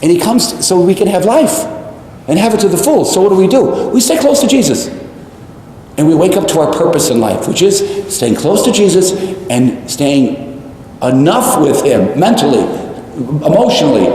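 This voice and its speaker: A male priest preaching a homily, animated and repeating phrases for emphasis, with jokes and tangents. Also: a little high, normal speed, a little hiss or hum. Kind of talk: sermon. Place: large church. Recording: echoey church, long reverb.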